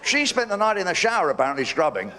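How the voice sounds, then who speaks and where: Cheeky comedian, lively voice. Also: male voice, sits high, fast talker. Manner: cheeky storytelling with asides to the audience. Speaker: stand-up comedian. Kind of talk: live stand-up routine. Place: live show venue. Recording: noisy live stage recording.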